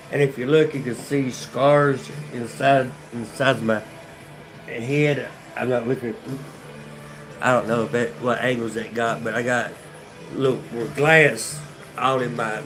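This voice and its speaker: A man with a North Carolina accent telling his life story on a casual livestream, rambling and profane, with many restarts and fillers. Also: medium pitch. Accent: North Carolina Southern.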